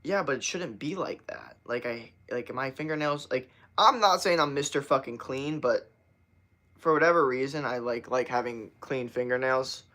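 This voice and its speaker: A man's voice: medium pitch, moderate pace, pushed and bright. A young man talking loosely to his viewers on a livestream, rambling and swearing constantly as he chats. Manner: loose, rambling and heavily profane. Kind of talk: casual livestream chat to viewers.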